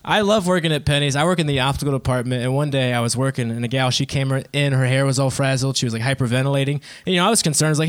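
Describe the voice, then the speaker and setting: A man in his twenties does a stand-up set in a living room, talking very fast with few pauses in a mid-range voice. He's self-deprecating and laughs at his own jokes.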